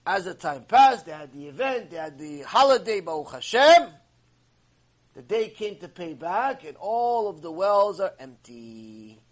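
High-voiced male religious teacher telling a story. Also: a little slow, poor audio. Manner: animated storyteller, acts out the characters. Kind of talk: storytelling lecture.

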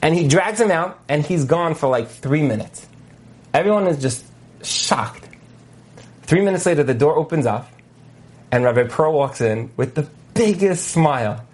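A man teaching as a marriage coach in a lecture over a video call, telling stories with lively asides and many fillers. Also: on the high side, normal speed. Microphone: video call mic.

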